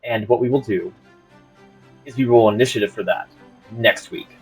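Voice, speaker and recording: A man's voice: fairly low pitch, normal speed, slightly rough, faint music behind, poor audio. A man narrating as game master of a tabletop game, hesitant, with lots of ums and restarts.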